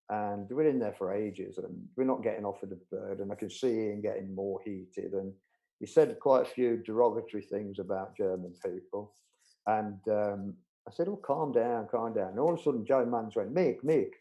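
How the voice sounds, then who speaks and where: A middle-aged man, telling an animated anecdote in a casual live interview, acting out the voices of other people. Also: fairly low pitch, poor audio. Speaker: budgerigar breeder telling a story.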